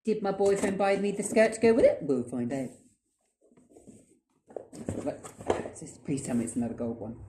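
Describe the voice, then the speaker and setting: An excitable woman unboxing her collection in a casual vlog, swearing freely and squealing with delight. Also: mid-range voice, normal speed, long pauses. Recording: echoey room with clear background noise.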